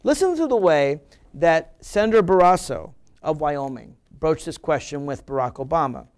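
A man's voice: fairly high pitch, lively intonation, normal speed. A man hosting a political talk radio show, delivering an emphatic, argumentative monologue that mocks his opponents.

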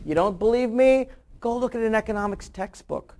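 A political commentator reacting to a news clip, animated and sarcastic, firing off mocking rhetorical questions and answering them. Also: medium pitch, fairly quick. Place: Virginia.

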